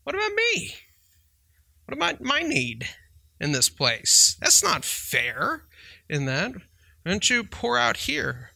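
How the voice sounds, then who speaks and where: Guy doing a whiny crowd guy, squeaky high and complaining, bright pushy tone. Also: wildly swooping pitch, slow, gravelly, pauses often, dry recording, full character voice. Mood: aggrieved. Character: indignant man in the crowd left out.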